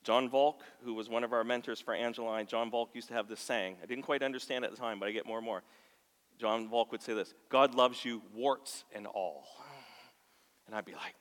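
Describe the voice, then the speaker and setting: A man preaching a sermon in a church. He moves from soft, near-whispered lines to loud, passionate bursts and acts out quoted voices. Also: medium pitch. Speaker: pastor. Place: church sanctuary. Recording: long hall reverb.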